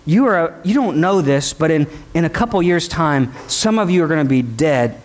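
High-voiced man preaching with emphatic fervor. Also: animated, normal speed. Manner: emphatic, conversational preaching with rhetorical questions. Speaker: pastor. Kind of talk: sermon.

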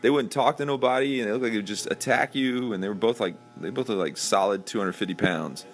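A man's voice: fairly low pitch, fast talker, soft background music. A middle-aged man hosting a podcast, telling a long backstage story in casual chat and acting out the quoted voices. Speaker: podcast host.

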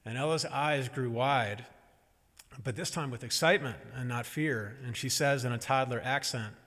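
A middle-aged man tells a story on stage in a lively, animated way. He pauses for effect and acts out the voices he quotes. His voice carries a long reverb from a large hall. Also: medium pitch. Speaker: speaker telling a family story to an audience.

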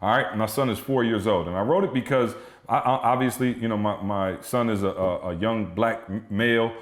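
A man in his thirties, a motivational speaker, telling stories as a podcast guest in an animated, emphatic way. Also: lowish voice, fairly quick, roomy sound. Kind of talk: energetic storytelling.

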